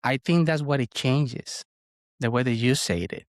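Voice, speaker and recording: A man, co-hosting a talk show, telling a story in a lively, animated way. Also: mid-range voice, measured pace, dry recording, clean studio sound. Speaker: podcast co-host. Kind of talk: conversational storytelling.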